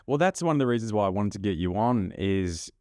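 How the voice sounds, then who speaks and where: An Australian man hosts a casual podcast chat in a fairly low voice. He is blunt and swears without a second thought, while staying encouraging toward his guest. The recording is close and dry. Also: lively intonation, fairly quick, darkish tone, no room sound. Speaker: podcast host.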